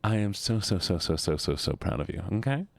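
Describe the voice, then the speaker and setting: A sleepy man streaming live, greeting his chat one by one in a playful sing-song. His voice sits fairly low but swings widely in pitch. The sound is dry and close. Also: big pitch swings, fairly quick, creaky, darkish tone, dry recording. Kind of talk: casual chat greeting viewers.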